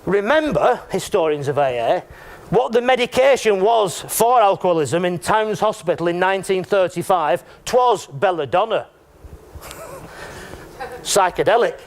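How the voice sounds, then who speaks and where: A man's voice: high voice, lively intonation, a little slow, a little hiss or hum. A man giving a conference talk in a chatty, joking way, often checking in with the audience. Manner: chatty and joking, with frequent tag questions. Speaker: conference speaker. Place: lecture room.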